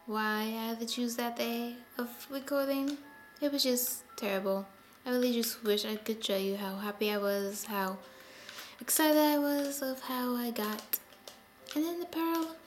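A woman giving casual gameplay commentary, chatty and sighing often as she talks to the animals in her game. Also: fairly high pitch. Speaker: gameplay video host.

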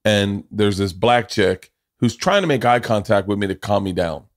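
A man who is a comedian and podcast co-host, telling a story in a casual chat with an animated, profane, jokey delivery. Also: fairly low pitch, normal speed.

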